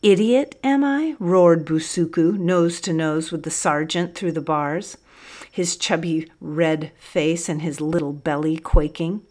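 A woman narrating an audiobook in a calm, even way. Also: low voice, measured pace.

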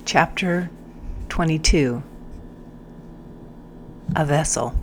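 A woman narrating a first-person audiobook in a measured, earnest way. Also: sits low, a little hiss or hum.

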